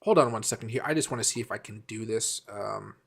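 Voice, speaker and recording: A man's voice: on the low side, fast, vocal fry, a bit bright, slightly rough. A man hosting a casual live stream, rambling and answering viewer comments by name, with many fillers and restarts.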